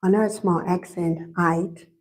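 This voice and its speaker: A woman's voice: mid-range voice, a little slow, warm tone. A middle-aged woman with an Australian accent giving a live health lecture in a church hall, chatty, repeating key points and telling anecdotes. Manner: conversational, repeats points for emphasis, tells anecdotes.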